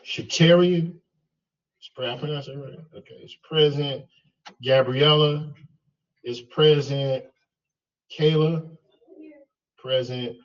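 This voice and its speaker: A male math instructor calling roll in class, halting and checking how names are pronounced. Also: a little high, steady tone, far from the mic, highs cut off. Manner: slow, halting, checks name pronunciations.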